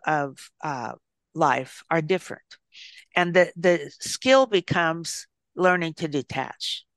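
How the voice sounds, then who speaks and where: A woman's voice: deep voice, no echo, clean studio sound. Older woman telling stories thoughtfully. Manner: thoughtful storyteller with gentle restarts. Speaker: author and psychologist guest. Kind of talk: reflective interview conversation.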